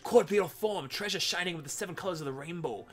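A man's voice: high voice, fast talker, pitched above the performer's own voice. A man voicing an eccentric male pigeon who sets off on a grand quest, speaking in a mock-solemn, theatrical way. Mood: grandiose.

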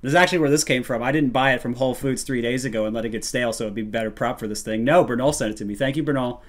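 A man streaming a live reaction to a video, playful and prone to bursts of loud hype yelling. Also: medium pitch, racing.

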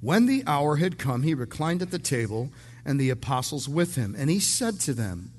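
A man's voice: a little high, sing-song, moderate pace, a little mellow. A male pastor preaching verse by verse in a conversational way, often repeating words as he starts a sentence and slipping in light jokes. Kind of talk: verse-by-verse sermon.

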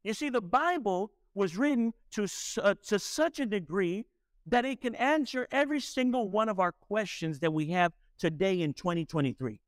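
High-voiced man preaching emphatically. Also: expressive, moderate pace, no echo, studio quality. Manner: emphatic preaching with rhetorical questions to the congregation. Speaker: pastor. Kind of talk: sermon.

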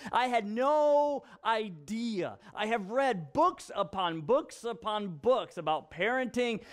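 Pastor, male, young dad, high voice, animated anecdotal preaching style. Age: young father. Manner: animated storyteller, repeats himself for effect. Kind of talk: conversational sermon with personal stories.

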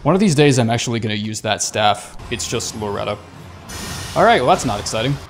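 A man's voice: medium pitch, expressive, fairly quick, over music. A young man giving casual, profane commentary over a game, talking back at enemies with sarcasm and stammered restarts. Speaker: gaming YouTuber.

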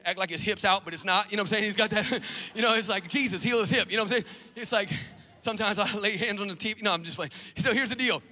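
A middle-aged man preaching a lively sermon, telling stories animatedly and acting out scenes. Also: high-pitched, quick pace. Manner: animated storytelling, acts out movie scenes. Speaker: pastor. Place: church sanctuary. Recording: long reverb of a large church hall.

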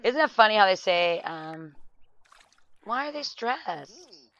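A woman casually commenting on a life-sim game, excitable, laughing and shouting at the screen. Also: medium pitch, takes it slowly, highs cut off. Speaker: gameplay video host.

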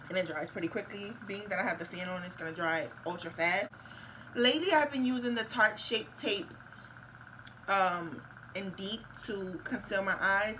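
A woman's voice: mid-range voice, bright, forceful tone, slight background noise, low-quality recording. A young woman, chatting casually and candidly through a makeup tutorial, swearing and laughing often. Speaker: beauty vlogger. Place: room at home with a fan on.

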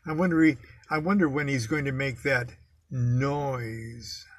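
A man's voice: mid-range voice, steady tone, unhurried, no echo, clean studio sound, lightly acted. Exasperated grumbling wife, as a man quotes her. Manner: grumbling, scolding.

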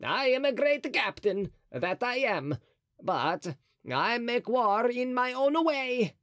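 A man voicing a scheming, frightened old Italian cardinal in an audiobook, with a shrill, crafty, nervous manner. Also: sing-song, slow pace, fairly bright tone, dry recording, studio quality, exaggerated voice.

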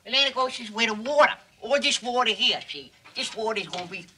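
Man doing a bumbling TV weatherman, very bright voice, muddled folksy ramble, 1950s comedy. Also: high-pitched, animated, fast, husky, heavily acted, rough recording. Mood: rambling.

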